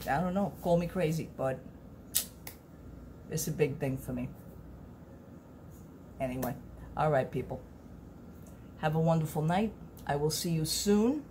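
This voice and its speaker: A woman's voice: sits low, normal speed, pauses often, dark tone, slight background noise. A middle-aged woman, chatting to camera in a rambling, earnest way as a vlogger. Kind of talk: casual chat to camera.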